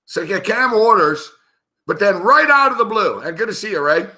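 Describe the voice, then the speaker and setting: Between calls on live betting commentary, a man tells a meandering, foul-mouthed tale about his night of drinking, laughing often and sounding tipsy. He's the show's host, with a high-pitched, sing-song voice, a sharp tone, and normal speed.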